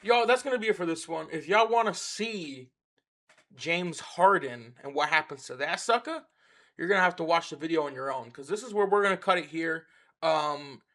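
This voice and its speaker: A man hosting a reaction video, chatting casually with animated, disbelieving slangy banter. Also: high-pitched, moderate pace. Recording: loud music underneath.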